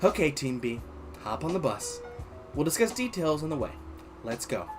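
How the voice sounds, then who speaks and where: A man's voice: on the high side, sing-song, over music, voice pushed up. A man playing a stern, exasperated female professor. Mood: bossy. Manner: brisk, bossy, exasperated.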